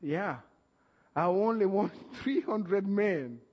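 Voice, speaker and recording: A man preaching who voices God as a calm, patient male figure giving orders with an unhurried, amused manner. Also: sits high, in a large hall, muffled recording, heavily acted.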